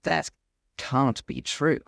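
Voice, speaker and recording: A man voicing a wary male alien opposition leader who speaks in a cautious, measured way in a fan audio drama. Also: medium pitch, fairly even intonation, gravelly, fairly bright tone, no echo, studio quality, exaggerated voice. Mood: reacting.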